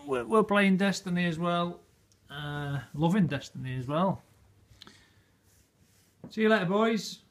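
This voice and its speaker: This man speaks in a high-pitched voice, unhurried and with long pauses. He's filming a casual home vlog indoors, talking fondly to his new puppies in doting baby talk and chuckling often.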